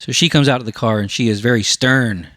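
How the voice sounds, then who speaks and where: A man's voice: medium pitch, a little fast, fairly bright tone, dry recording. Male podcast host, casual storyteller, acts out quoted voices; dry, close sound.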